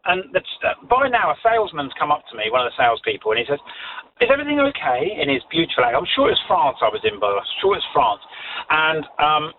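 Man, casual chat host, giggly and rambling, lively up-and-down delivery, phone-quality audio. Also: a little high, fast. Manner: rambling, self-deprecating anecdote with frequent giggles. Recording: tinny phone-like line, faint noise.

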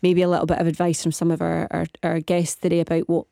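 A Scottish woman hosts a radio phone-in from a dry, close-miked studio, rattling off one question after another. She sounds slightly out of breath and keeps a brisk, chatty pace. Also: on the low side, monotone, gravelly, dark tone, no room sound. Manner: chatty, rapid, asks listeners lots of questions. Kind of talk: live radio chat.

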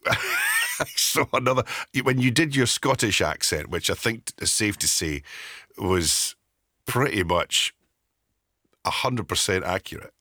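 A man's voice: fairly low pitch, wildly swooping pitch, slow pace, long pauses, pushed and bright, no room sound, studio quality. A male radio host interviewing a guest with enthusiastic, effusive praise.

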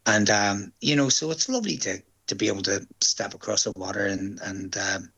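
A man's voice: lowish voice, moderate pace, gravelly, husky. Chatty Northern Irish man telling stories. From Northern Ireland. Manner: chatty storyteller, quotes others in lively voices. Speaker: stage actor guest. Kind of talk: casual interview chat.

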